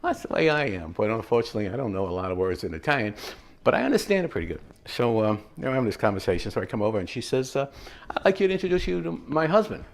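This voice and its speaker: A man hosting a home cooking show, chatting in a rambling, relaxed way as he tells stories while he cooks. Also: lowish voice, racing. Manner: relaxed, mellow. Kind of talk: casual cooking demonstration with anecdotes.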